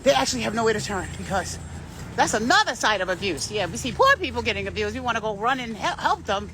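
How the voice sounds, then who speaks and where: Profane, high-pitched woman ranting intensely. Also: fast talker, a little hiss or hum. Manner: profane, intense and animated, with sudden shifts. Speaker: vlogger. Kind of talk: rambling personal monologue.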